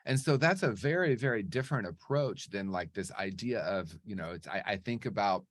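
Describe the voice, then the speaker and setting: An earnest man speaks with a lowish voice and tells his story in a lively, conversational way, often pausing to ask "right?". The sound is dry and close, with no room echo. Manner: earnest, animated, frequent "right?" asides. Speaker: guest speaker on recovery.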